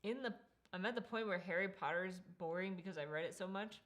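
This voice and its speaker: A woman's voice: fairly low pitch, quick pace, a bit bright. A woman co-hosting a casual book livestream from home, teasing and laughing as she chats. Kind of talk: casual chat.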